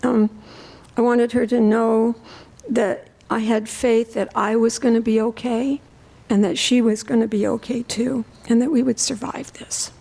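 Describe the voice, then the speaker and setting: A woman, a science teacher, telling a personal story at a worship service in a halting way with many fillers. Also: fairly high pitch, flat delivery, gravelly, dark tone, low-quality recording. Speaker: lay speaker sharing a reflection.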